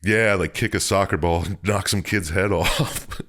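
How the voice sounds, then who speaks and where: A man's voice: low-pitched, fairly even intonation, fairly bright tone. A man co-hosting a podcast, casually recapping a video game's story and laughing often as he retells scenes. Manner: laughs often, retells with quick silly voices. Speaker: podcast co-host recapping a game. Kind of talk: casual chat.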